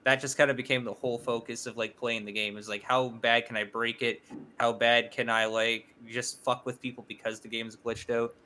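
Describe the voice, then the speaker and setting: A man's voice: mid-range voice, little pitch movement, moderate pace, sharp tone. A man talking as a podcast guest in casual chat, rambling with lots of fillers and swearing.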